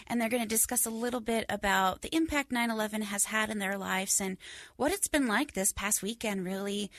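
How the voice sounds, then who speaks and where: Gravelly-voiced woman producer. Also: mid-range voice, a bit bright, no echo, studio quality. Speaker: podcast producer. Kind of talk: show introduction.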